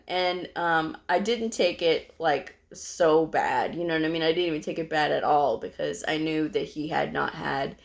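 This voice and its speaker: Middle-aged woman from texas, lowish voice, rambly chatty storytime, lots of you knows. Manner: chatty, with many fillers like "you know". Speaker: medical coder vlogger. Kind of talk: casual storytelling to camera.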